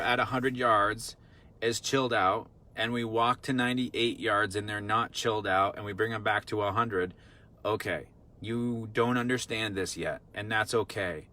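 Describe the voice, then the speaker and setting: A man's voice: lowish voice, bright, forceful tone. A man working as a dog trainer, explaining in a casual teaching talk, earnest and repetitive, full of rhetorical questions. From Vermont.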